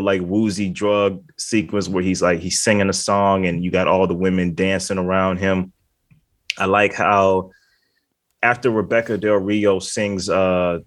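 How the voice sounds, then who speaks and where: A man's voice: low voice, fairly bright tone. A man co-hosting a casual podcast chat, rambling and filling his talk with "like" while laughing often. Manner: rambling, heavy on filler words, laughs often. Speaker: podcast co-host.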